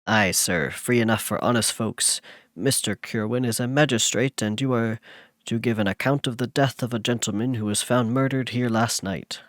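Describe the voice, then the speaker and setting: A man's voice: medium pitch, normal speed, fairly bright tone, no room sound, studio quality, close to an everyday voice. A man voicing a curt, unwelcoming Irish townsman in a storybook reading, speaking bluntly.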